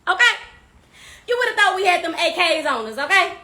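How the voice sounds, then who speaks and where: A young woman tells a story in a high, bouncing voice that swings all over the place. Her delivery is loud, animated and full of slang and swearing. The sound is bright and sits in an echoey room with a faint background hum. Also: moderate pace. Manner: profane, casual slang. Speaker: vlogger. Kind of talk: storytime vlog.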